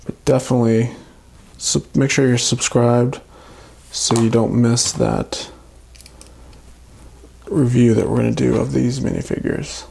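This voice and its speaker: A man with a mid-range, gravelly voice narrates a toy build in an easygoing, explanatory way. He walks through each step calmly as he goes. A faint hiss sits under the recording. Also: medium pitch, unhurried, long pauses. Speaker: toy reviewer. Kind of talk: casual unboxing narration.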